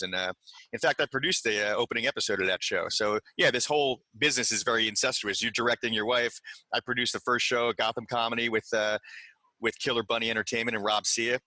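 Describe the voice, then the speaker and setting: Male host, bright forceful tone, dry close sound, animated storyteller in casual chat. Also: lowish voice, no room sound. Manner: animated storyteller who acts out voices. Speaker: podcast host.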